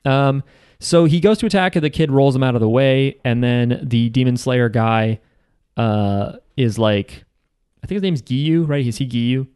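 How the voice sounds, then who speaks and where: A man's voice: medium pitch, moderate pace, a little mellow, clear, resonant tone, no echo, clean studio sound. A young man co-hosting a casual chat, recapping an anime episode in a rambling, sarcastic way with lots of fillers.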